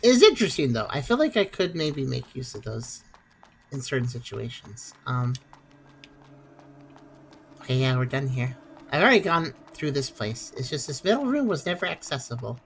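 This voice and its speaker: A woman talks through her gameplay in a casual, reactive way, her pitch bouncing up and down. She chats with her viewers and reacts out loud to what happens on screen. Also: very animated, moderate pace, slight background noise. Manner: chatty, reactive, playful asides. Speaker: streamer.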